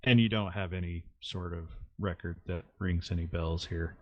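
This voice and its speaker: A man narrating as game master of a tabletop game, halting and full of uhs. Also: sits low, fairly even intonation, dry recording, lo-fi sound.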